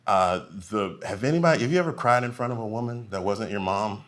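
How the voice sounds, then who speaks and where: This comedian in his forties talks fast in a lowish voice, with slight background noise. At a live comedy venue, he animatedly tells stories and voices the characters in them.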